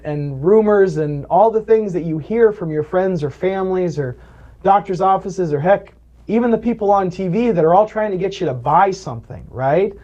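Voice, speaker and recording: In a conversational interview, a Medicare advisor recounts stories about clients, performing the voices in his quotes and dropping frequent "right?"s. The man's voice sits high with a dark tone at normal speed, and the recording's highs are cut off.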